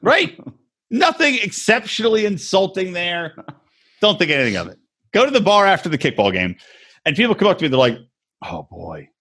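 A man co-hosting a casual podcast, swearing freely and telling stories with biting sarcasm. His pitch swings widely as he talks, and his voice has a husky edge. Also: very animated, fairly quick, fairly bright tone. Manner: profane, sarcastic storyteller. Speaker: podcast co-host. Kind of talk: casual chat.

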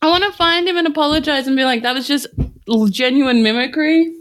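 A woman co-hosting a podcast in casual chat, telling stories in an animated way and laughing often. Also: sits high, fairly quick. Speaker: podcast co-host.

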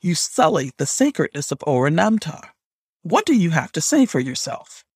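A man's voice: a little high, very animated, moderate pace, breathy edge, no room sound, studio quality, full character voice. A man voicing a stern, commanding goddess who is the heroine's grandmother, speaking in a hard tone. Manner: hard, demanding tone.

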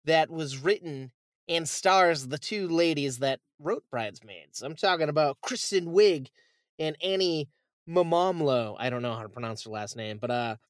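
A man co-hosting a casual podcast, retelling a movie with animated, swearing storytelling. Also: on the high side, moderate pace, no echo, studio quality. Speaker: podcast co-host. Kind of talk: casual chat.

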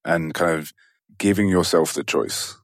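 A man's voice: low-pitched, a little slow, dry recording, studio quality. A man hosting an interview, thinking aloud hesitantly with lots of fillers. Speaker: podcast host. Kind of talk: casual interview chat.

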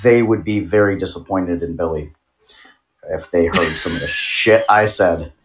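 Brief: deep-ish male podcast co-host, meandering and chuckling, swears freely. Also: normal speed, noisy background. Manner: rambling, giggly, profane. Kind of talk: casual chat.

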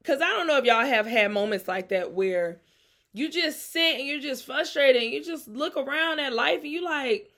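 A woman's voice: high voice, lively intonation, normal speed, fairly bright tone. A young woman from Mississippi with a Southern accent, hosting her podcast in a loose, chatty way and laughing often. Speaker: podcast host. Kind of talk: casual chat.

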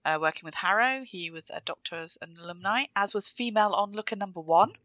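A woman's voice: medium pitch, fairly quick, a bit bright, no echo, dull audio. A woman co-hosting a podcast in casual chat, giving enthusiastic commentary. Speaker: podcast co-host.

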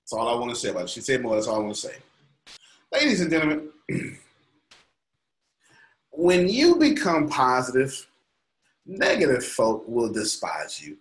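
A man's voice: medium pitch, huge pitch swings, normal speed, pauses often. Man, motivational coach, emphatic, colloquial, echoey room. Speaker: motivational coach leading a group call. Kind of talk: motivational teaching on a call.

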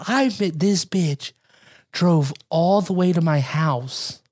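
A man's voice: on the high side, takes it slowly, darkish tone. A man telling stories in a casual, profane chat with a friend. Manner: loose, profane, swears a lot.

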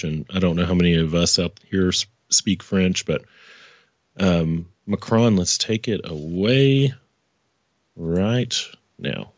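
A man hosts his own podcast in a loose, rambling commentary style, often stopping to correct himself and tossing in profane asides. His voice sits very low. The recording is dry and slightly muffled, like a small home setup. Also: no echo. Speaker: podcast host. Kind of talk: casual political commentary.

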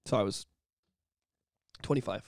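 A man co-hosting a podcast, talking candidly and swearing a lot, sometimes bursting into loud shouted bits. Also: a little slow, dry recording, studio quality. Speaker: podcast co-host. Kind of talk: candid casual chat.

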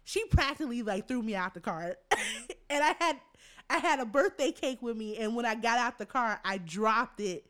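A woman's voice: fairly high pitch, lively intonation, normal speed, a bit bright. A young adult woman co-hosting a podcast, telling a story in casual chat, laughing often and acting out the quotes. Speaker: podcast co-host.

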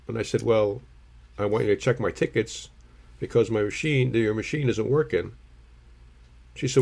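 A man's voice: mid-range voice, brisk, gravelly, long pauses, a little mellow. A middle-aged man, co-hosting a casual chat show and telling blunt stories with some swearing. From New Jersey. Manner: blunt, storytelling, swears freely. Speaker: co-host.

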